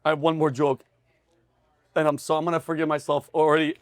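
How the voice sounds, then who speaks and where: A man hosting a casual comedy chat at a diner, spinning jokes with animated energy. His voice sits a bit high for a man. The sound is dry and close. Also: fairly quick, dry recording. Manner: animated storyteller, breaks into laughter. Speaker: comedy show host.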